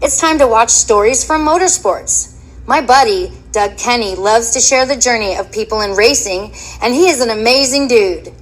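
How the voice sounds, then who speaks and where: A woman's voice: fairly high pitch, moderate pace, rough recording. A woman reading a scripted promo for a motorsports podcast with enthusiasm. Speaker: guest introducing the show.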